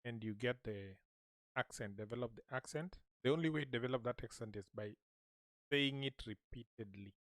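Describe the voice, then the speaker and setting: A man teaching a language lesson, saying short phrases slowly and repeating them so listeners can echo him. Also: medium pitch, a bit bright, studio quality.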